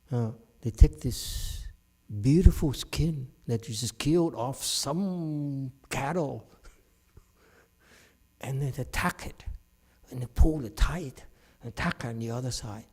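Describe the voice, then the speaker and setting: Middle aged buddhist teacher guy, talks real slow, blunt and teasing, chuckles a lot. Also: mid-range voice, darkish tone, breathy edge. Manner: frank and scolding, teases listeners by name, laughs often. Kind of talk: dharma talk to a live audience.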